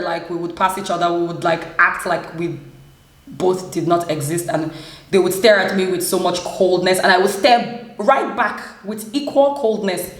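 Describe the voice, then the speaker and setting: A young woman with a Nigerian English accent, telling a personal story to camera, animated and laughing often. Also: on the low side. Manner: animated, laughs often, acts out quoted voices. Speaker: vlogger. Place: room in a flat in Germany. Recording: echoey room.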